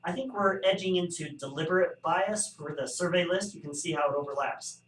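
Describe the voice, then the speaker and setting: A man's voice: a little high, fairly quick, a bit bright, a little hiss or hum. A man teaching a statistics class, explaining survey bias with wry, joking asides. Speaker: statistics instructor. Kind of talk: recorded classroom lecture. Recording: echoey room, distant mic.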